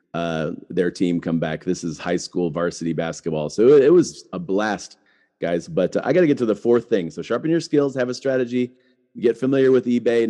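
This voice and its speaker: A middle-aged man hosts a podcast in a deep voice with a dark tone. He talks casually and chattily, leaning on "like" a lot and often restarting his sentences.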